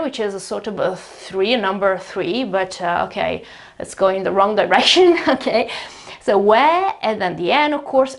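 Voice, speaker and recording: A woman with an Italian accent, a native Italian speaker, teaching an English pronunciation lesson beside a whiteboard in a chatty, explanatory way and slowly repeating words to demonstrate them. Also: on the high side. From Italy.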